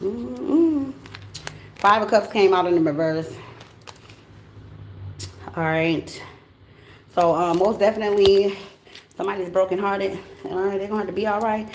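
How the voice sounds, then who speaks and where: This American tarot reader speaks at a medium pitch, unhurried and pausing often, in a reverberant space with a little hiss or hum in the background. Her casual reading is blunt and animated, loaded with slang and curse words.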